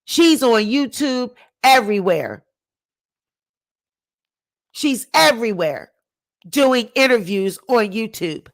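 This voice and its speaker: A woman giving an indignant ranting commentary to her viewers, repeating her points emphatically and swinging between sharp exclamations and low muttering. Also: animated, slow pace, long pauses. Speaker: commentary YouTuber.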